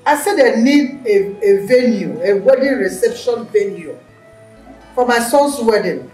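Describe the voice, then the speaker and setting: A firm, bossy mother, played by a woman, runs the family's plans in a drama scene. Her voice sits at an ordinary pitch. It sounds echoey and a little distant from the mic. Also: animated, darkish tone, faint music behind, lightly acted. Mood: impatient. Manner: firm, bossy, quick to scold. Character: strong-willed middle-aged mother planning her son's wedding.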